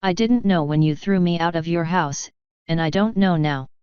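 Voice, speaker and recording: A woman's voice: fairly low pitch, moderate pace, smooth, no echo, highs cut off, close to an everyday voice. A woman voicing a stallion guard captain, a stern pony who is caught off guard and talks defensively.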